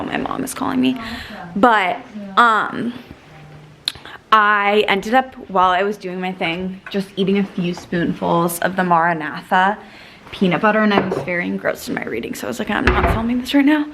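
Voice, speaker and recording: A young woman chats through her morning in a home kitchen, rambling and hedging with lots of fillers. The recording has a clear layer of background noise. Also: medium pitch, fairly bright tone. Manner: chatty, rambling, filler-heavy. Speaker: vlogger. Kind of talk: casual kitchen vlog chat.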